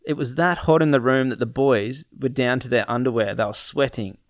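A man's voice: mid-range voice, brisk, no echo, clean studio sound. A young man casually telling a story, acting out his friends' lines and laughing often.

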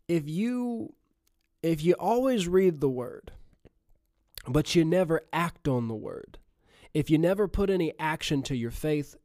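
A man's voice: a little high, a little mellow, no room sound, clean studio sound. A man preaching a teaching sermon in a conversational way, repeating key phrases for emphasis with frequent "you know" asides.

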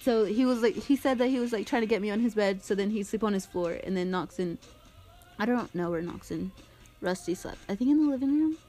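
A woman's voice: medium pitch, quick pace, mellow, soft background music. A young woman telling a story in casual chat, laughing often and using lots of filler words and swearing.

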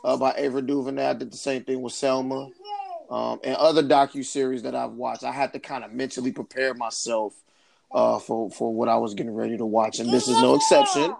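A man in his thirties hosts a casual podcast. His voice is gravelly and sits at a middle pitch. He rambles and hesitates, with plenty of filler words. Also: fairly even intonation, a little fast, darkish tone. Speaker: podcast host.

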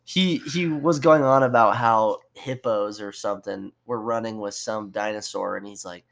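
A young man with a fairly low voice, co-hosting a podcast in casual chat. He is blunt and dismissive, tossing off short replies. He is quick to call things stupid. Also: vocal fry, fairly bright tone. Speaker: podcast co-host.

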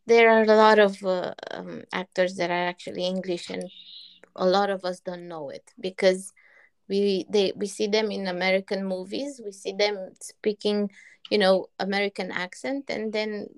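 A woman co-hosting a casual chat, agreeing often and pausing on fillers as she searches for words. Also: medium pitch, fairly even intonation, clean tone. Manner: agreeable, hesitant with many fillers.

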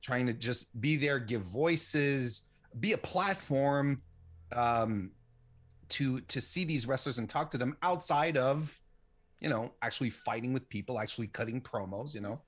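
A man's voice: mid-range voice, a little slow. A man in his late forties answering interview questions casually, rambling with lots of restarts and fillers. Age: late 40s. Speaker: interview guest, women's wrestling site runner.

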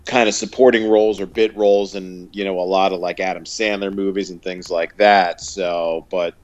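A man's voice: low-pitched, steady tone, normal speed, dull audio. A man co-hosting a podcast, telling stories in a loose, rambling way full of fillers. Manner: rambling, filler-heavy storytelling with quoted impressions. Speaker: podcast co-host. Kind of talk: casual chat.

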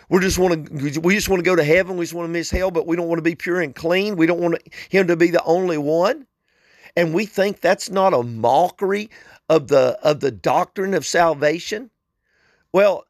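A man preaching a sermon with fervor, hosting a short prayer program and rising in pitch when he presses a point. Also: dry recording.

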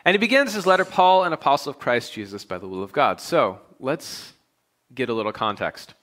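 A young adult man, a pastor, preaching a sermon in a relaxed, conversational storytelling way. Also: mid-range voice, fairly quick. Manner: conversational storytelling, animated when quoting himself.

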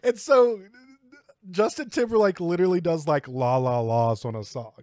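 A man's voice: a little high, normal speed, darkish tone, dry recording, studio quality. Rambling, swearing male podcast host. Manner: rambling storyteller, swears freely. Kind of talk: casual chat.

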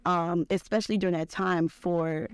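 A young adult American woman, an Army veteran, telling lively stories in a casual interview and acting out the people she quotes. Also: lowish voice, normal speed, smooth, dry recording. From United States. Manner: animated, laughing storyteller who acts out quotes.

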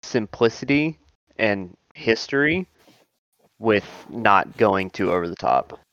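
A man with a smooth, slightly low voice weighs in calmly during a casual sports chat. The sound is dry and a little muffled, like a lo-fi remote mic. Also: takes it slowly, no room sound.

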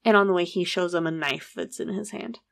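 A woman's voice: lowish voice, fairly quick, creaky. A woman casually telling a true story, acting out the people's lines and swearing freely. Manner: animated, acts out quoted dialogue, swears casually.

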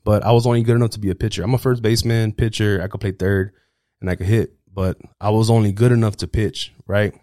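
A man's voice: fairly low pitch, steady tone, quick pace, mellow, no echo, clean studio sound. A young man as a podcast guest, brash and swaggering, talking in profane street slang. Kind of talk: casual podcast interview.

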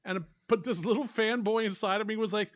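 A man with a fairly high voice co-hosts a loose podcast conversation. He talks with eager enthusiasm, laughs often, and swears in passing. The recording is dry and close to the mic. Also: fairly quick, dry recording. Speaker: podcast co-host. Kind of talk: casual chat, storytelling.

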